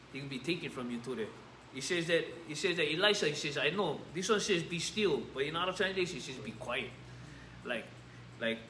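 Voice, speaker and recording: Hawaiian pastor, bright and echoey. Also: male voice, fairly high pitch, slight background noise. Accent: Hawaiian Pidgin-tinged English. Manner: casual, peppered with "yeah?" and "bro". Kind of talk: informal sermon with scripture reading. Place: church sanctuary.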